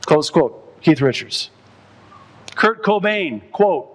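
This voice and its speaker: Impassioned male preacher. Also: measured pace. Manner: impassioned preaching, voice climbing high and loud when stirred. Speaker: pastor. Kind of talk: sermon.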